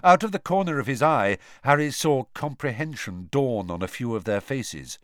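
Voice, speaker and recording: A man narrating an audiobook with expressive storytelling, shifting voices for the characters. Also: medium pitch, moderate pace, no room sound, studio quality.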